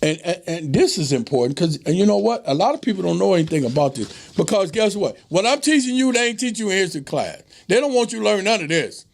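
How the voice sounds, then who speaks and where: Animated gravelly man teaching history. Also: high voice, fast, few pauses. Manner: preachy, animated, repeats phrases. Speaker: host. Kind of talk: informal history lesson to viewers.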